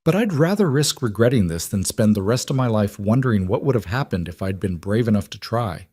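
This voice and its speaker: A steady, gentle widowed single father, voiced by a man with a fairly low voice, speaking in a calm, reassuring way. It is an audiobook-style story reading, recorded close and dry. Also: fairly quick, husky, no echo.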